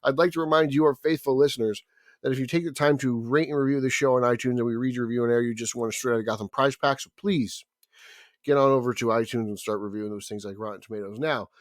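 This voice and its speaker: A man's voice: medium pitch, steady tone, fast talker, no echo, studio quality. A man co-hosting a casual podcast, joking and teasing his partner. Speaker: podcast co-host.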